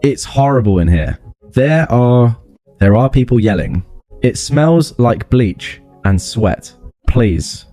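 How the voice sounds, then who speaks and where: A man's voice: medium pitch, animated, takes it slowly, mellow, faint music behind. A man voicing a frightened young woman who pleads and stammers on a jail phone call. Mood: pleading.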